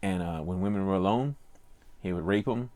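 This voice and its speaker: On a casual podcast, an older Cajun-accented co-host tells a rambling tale loaded with fillers. His voice is deep and a little mellow, and he talks fairly quickly.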